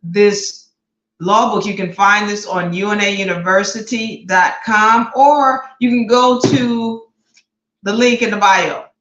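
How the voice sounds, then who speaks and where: A woman hosts a live online class in a relaxed, chatty way, greeting viewers one by one and repeating herself. She speaks slowly at a middle pitch. Her voice rings in an echoey room. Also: muffled recording. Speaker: online law class host. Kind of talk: casual livestream teaching.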